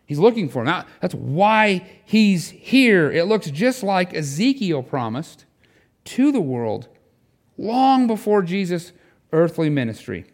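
A man preaching to his congregation, his voice sitting a little above the usual male range. He is earnest and pleading, and his pitch swings wide as he urges his listeners on. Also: very animated, slow. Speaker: pastor. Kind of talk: sermon. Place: church sanctuary.

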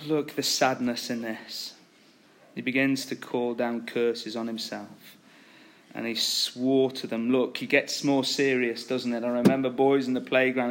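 A man preaching a sermon, retelling a story with animated, acted-out quotes. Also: medium pitch, unhurried, a little hiss or hum.

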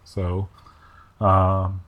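Low-voiced man as a laid-back game master, lots of fillers. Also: extremely slow, phone-quality sound. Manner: relaxed, hesitant with many fillers. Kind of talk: narrating a tabletop game.

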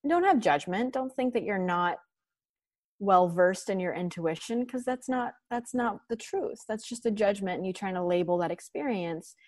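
A woman talking earnestly on a podcast, encouraging listeners in gentle spiritual language. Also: mid-range voice, animated, moderate pace, no echo. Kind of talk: reflective podcast conversation.

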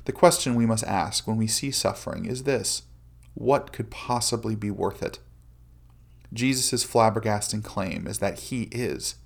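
A man giving an earnest, measured scripted devotional reading. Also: fairly low pitch, gravelly. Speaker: Christian speaker.

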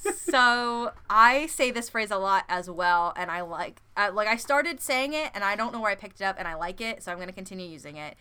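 A woman's voice: mid-range voice, animated, brisk, few pauses, sharp tone, clean tone. A young woman chatting casually as a podcast co-host, laughing often and playing with words. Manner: giggly, filler-heavy, playful with words. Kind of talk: casual chat.

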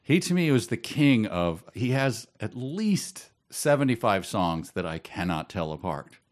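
Deep-voiced male co-host, dry deadpan humor, casual banter. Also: measured pace. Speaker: podcast co-host.

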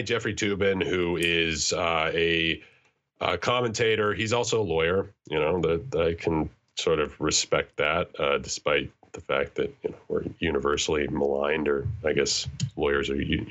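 A man's voice: sits low, a bit bright, muffled recording. A man co-hosting a podcast in casual chat, telling a story in a jokey, self-mocking way. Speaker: podcast co-host.

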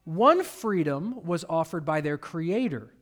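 A man's voice: a little high, expressive, measured pace, fairly bright tone. A man from Detroit, Michigan, preaching a sermon as a pastor in a conversational storytelling way with humorous asides.

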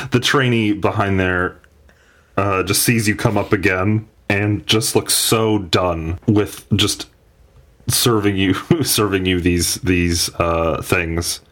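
A man running a tabletop game as game master, narrating in a halting way with many pauses. His voice is very low and his delivery slow. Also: fairly bright tone.

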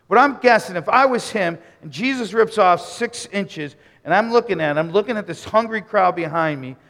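A man with a fairly high, bright and ringing voice preaches to his congregation. He tells the story dramatically, rising toward near-shouts and then sinking into hushed murmurs. His voice carries a long reverb, as in a large sanctuary. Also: gravelly. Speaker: pastor. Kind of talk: sermon.

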